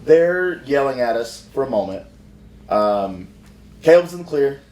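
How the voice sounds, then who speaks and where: A man's voice: mid-range voice, animated, a little slow, a little mellow. Profane man telling a backstage story. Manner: rambling, profane, frequent restarts. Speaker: professional wrestler. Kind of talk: casual storytelling on a podcast. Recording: roomy sound from far off.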